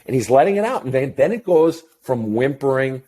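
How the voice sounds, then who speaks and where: A middle-aged man talks as a counselor guest in a casual interview. He is blunt and swears freely. He tells his stories in an animated way, at a pitch neither high nor low. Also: brisk. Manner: blunt, profane, animated storyteller.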